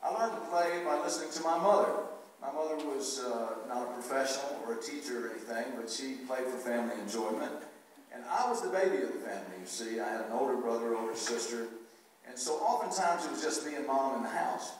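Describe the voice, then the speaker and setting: A man's voice: medium pitch, animated, fast talker, a little hiss or hum. A man giving a commencement address from a stage, telling folksy stories with jokes. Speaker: commencement speaker. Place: arts center stage, large hall. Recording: echoey hall from far off.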